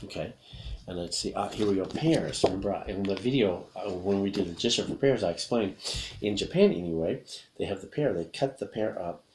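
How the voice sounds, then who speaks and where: A man's voice: deep voice, noisy background. Upbeat man teaching word gestures. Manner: upbeat, repetitive, demonstrating words slowly. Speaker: English teacher. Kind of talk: video lesson teaching gestures to learners.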